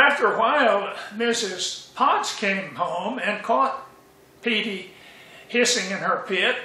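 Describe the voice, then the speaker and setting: A man telling a joke story in an unhurried way, with hesitant fillers. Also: sits high, pushed and bright, echoey room, low-quality recording.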